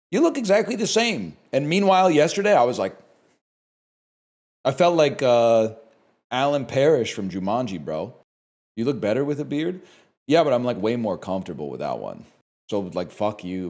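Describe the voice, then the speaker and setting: A man from Canada chatting live on his stream, ranting and swearing at his chat. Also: medium pitch. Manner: animated, profane ranting to chat.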